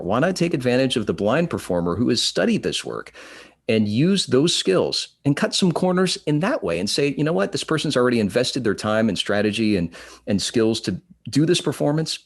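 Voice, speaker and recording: A man speaking as a guest on a live podcast panel, expressive and joking in passing. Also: mid-range voice. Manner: animated and expressive, jokes in passing. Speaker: panel guest, describer and voiceover artist.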